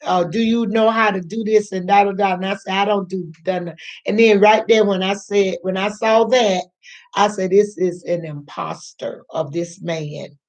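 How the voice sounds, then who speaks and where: A woman's voice: mid-range voice, fairly even intonation. An older woman, a grandmother, telling a personal story in a chatty, rambling way, repeating herself and acting out what others said. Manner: slow, chatty, repeats herself, acts out quoted voices. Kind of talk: casual storytelling to camera.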